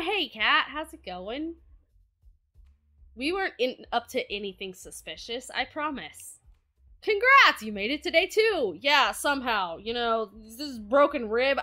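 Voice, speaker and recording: A young woman streaming a game, reading its dialogue aloud and reacting with excitable, profane outbursts. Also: sits high.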